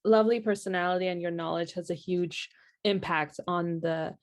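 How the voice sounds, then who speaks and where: A woman with a fairly low voice hosts a student podcast. She thanks her guest and answers her warmly and conversationally. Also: fairly even intonation, moderate pace. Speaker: podcast host, student club president. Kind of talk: podcast interview.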